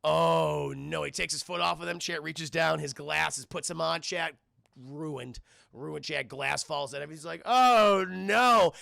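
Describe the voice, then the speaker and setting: A man's voice: on the high side, steady tone, normal speed, gravelly, sharp tone, dry recording, studio quality. A man streaming a casual, profane film recap, rambling and constantly addressing his chat.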